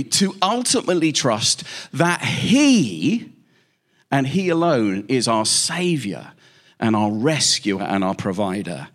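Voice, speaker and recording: A man preaching a sermon, telling stories with lively emphasis and repeated questions. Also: a little high.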